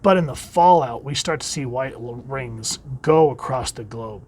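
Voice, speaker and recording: A man giving a casual comic book review, chatting along and letting phrase ends drop quietly. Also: medium pitch, normal speed.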